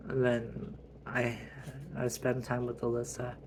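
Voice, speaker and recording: A man's voice: mid-range voice, monotone, unhurried, darkish tone, slight background noise, poor audio. A man narrating a family role-play story casually, rambling with many restarts.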